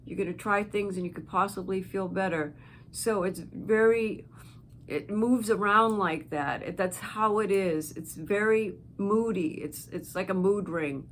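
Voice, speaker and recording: Woman host, unhurried and heartfelt direct-to-camera encouragement, faint background hiss. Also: medium pitch. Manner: slow, gentle and heartfelt, with pauses. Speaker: channel host.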